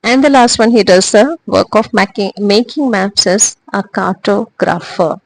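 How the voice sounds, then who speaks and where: A woman teacher, giving a recorded lesson slowly, with frequent hesitations and restarts. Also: mid-range voice, gravelly, poor audio. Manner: slow and deliberate, with frequent "uh" and restarts. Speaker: English teacher.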